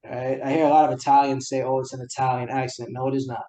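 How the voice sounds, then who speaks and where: A man's voice: medium pitch, flat delivery, fast talker, mellow, low-quality recording. A young man with a New York accent hosting a casual podcast chat, easygoing, laughing often and searching for words. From New York City. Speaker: podcast host.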